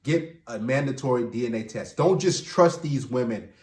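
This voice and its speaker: A relationship commentator and host talks straight to viewers in an emphatic, casual monologue, often repeating words as he restarts. His mid-range voice is a little mellow with lively intonation at a moderate pace, recorded in an echoey room.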